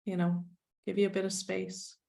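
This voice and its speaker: A woman in her forties, a guest speaking candidly and wryly in a relaxed conversation. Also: medium pitch, normal speed, creaky. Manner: frank, wry, self-deprecating.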